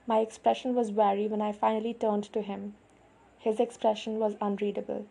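A woman reading a novel aloud in the first person, with even, measured storytelling. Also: mid-range voice, creaky, slightly rough. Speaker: audiobook narrator.

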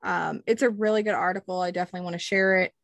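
A woman's voice: on the low side, racing, vocal fry, dry recording. A young woman co-hosting a podcast in casual chat, talking with lots of "um"s and telling stories with animation. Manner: chatty, many "um"s, animated storytelling. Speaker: podcast co-host.

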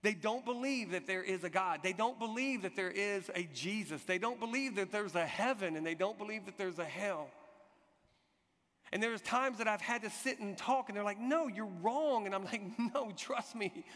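A man preaching a sermon, telling an animated personal story and acting out the people in it. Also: high voice, normal speed. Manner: animated storytelling, shouts acted quotes. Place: church hall. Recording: long hall reverb.

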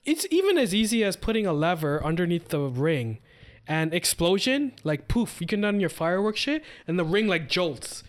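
A man co-hosting a casual podcast chat, rambling in a relaxed way with many fillers. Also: high voice, normal speed. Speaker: podcast co-host.

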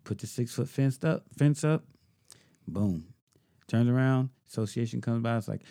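At normal speed, a podcast co-host chats casually, telling a story and acting out the dialogue he quotes. His mid-range voice is creaky with a warm tone.

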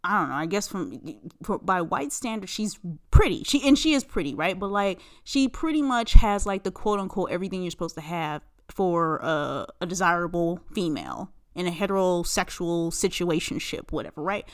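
A woman hosts a solo podcast, ranting in casual chat. She talks bluntly and sarcastically, swearing freely. Her voice swings widely in pitch, shooting up whenever she is incredulous. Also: moderate pace. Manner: animated, pitch jumps high when incredulous. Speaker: podcast host.

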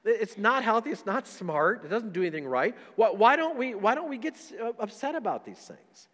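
A man's voice: sits high, lively intonation, moderate pace, fairly bright tone, in a large hall. A middle-aged man preaching a sermon as a pastor, passionate, repeating himself and asking rhetorical questions. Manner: impassioned preaching with frequent repetitions and rhetorical questions.

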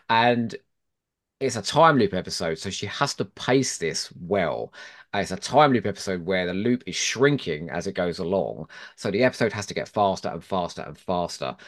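A man talks in a casual podcast chat, eagerly making his case and opinionated throughout. His voice sits on the low side. Its pitch swings widely as he gets animated. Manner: opinionated, enthusiastic arguing. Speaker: podcast guest.

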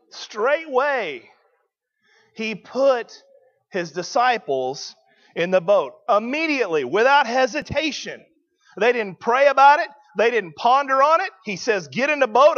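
A man's voice: extremely high pitch, a bit bright, dull audio. A man preaching a sermon, emphatic and questioning the congregation.

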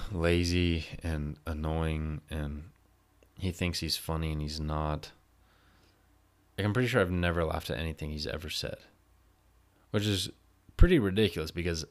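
A low-voiced male vlogger tells a story from work as a casual, exasperated rant. He swears freely and grows louder the more he vents.

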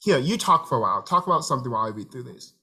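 A man's voice: mid-range voice, animated, very fast, sharp tone, slightly rough. A young man co-hosting a podcast, trading dry, teasing remarks in casual chat. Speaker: podcast co-host.

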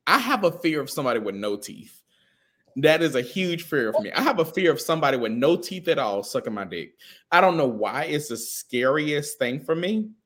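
A man's voice: on the high side, big pitch swings, a little fast, a bit bright. A man co-hosting a podcast in casual chat, talking bluntly and with lots of profanity. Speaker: podcast co-host.

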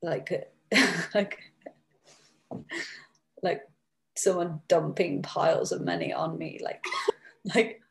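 A woman from Britain, her low voice carrying a gravelly fry. She talks in loose, chatty runs, peppered with "like" and frequent laughter. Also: takes it slowly, long pauses. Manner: laughs often, many fillers of "like". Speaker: hypnosis session client. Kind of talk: casual chat.

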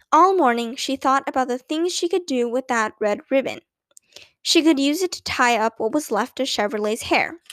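A woman reading a children's story aloud with clear, expressive narration. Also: sits high, no room sound. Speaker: audiobook narrator.

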